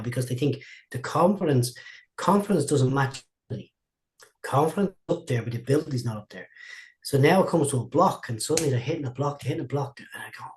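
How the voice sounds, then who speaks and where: A man's voice: medium pitch, animated, brisk, a little mellow. A man, a martial arts instructor telling long, rambling stories in a casual interview, often repeating and restarting his words.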